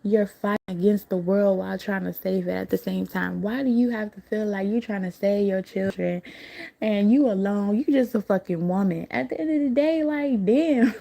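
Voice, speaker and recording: A woman's voice: mid-range voice, normal speed, vocal fry, mellow. A woman hosting a livestream, recounting a dream in a casual, rambling way, laughing often and swearing freely.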